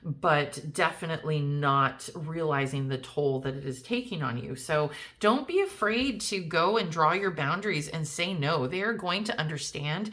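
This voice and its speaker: Low-voiced woman giving a tarot reading. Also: lively intonation, moderate pace, few pauses, a bit bright. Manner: chatty, many fillers and restarts; reassuring, speaks directly to viewer. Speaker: tarot reader. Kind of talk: casual pick-a-card reading.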